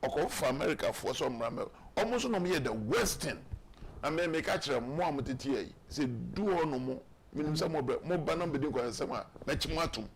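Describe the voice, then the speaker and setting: A man's voice: fairly high pitch, lively intonation, a little fast, vocal fry. A man with a Ghanaian accent, talking emphatically in a political talk show discussion. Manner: emphatic, mixing Twi and English, acts out quotes.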